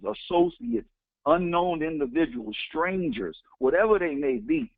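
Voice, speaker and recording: A man with a somewhat high, gravelly voice gives a motivational talk. He is emphatic, with a lively, swooping delivery, and he repeats his key phrases and counts off his points one by one. The sound is thin and tinny, like a phone line. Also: dry recording. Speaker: motivational speaker.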